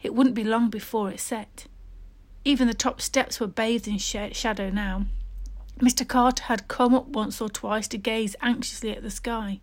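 A woman's voice: fairly high pitch, fairly even intonation, moderate pace. Woman reading a storybook aloud. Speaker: narrator. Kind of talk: storybook narration.

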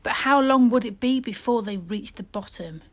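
A woman narrating a children's story with steady, expressive reading. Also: a little high, normal speed.

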